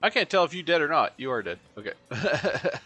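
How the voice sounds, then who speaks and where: Lively, bright-voiced man playing a game. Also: fairly high pitch, a little fast, slightly rough. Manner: talks to game creatures, swears and laughs often. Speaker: gaming channel host. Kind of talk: let's play commentary.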